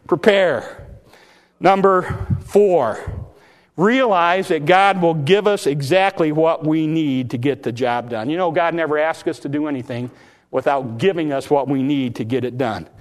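A man preaching a sermon, folksy and impassioned, acting out Bible stories in plain talk. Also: moderate pace. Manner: impassioned, pitch rising when exhorting; acts out Bible dialogue in folksy speech.

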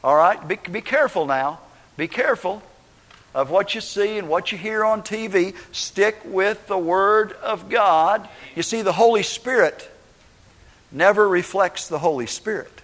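A middle-aged man preaching a sermon, telling personal stories in an animated way and acting out the quotes. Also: high-pitched, unhurried. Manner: animated storytelling, acts out quotes. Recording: long hall reverb.

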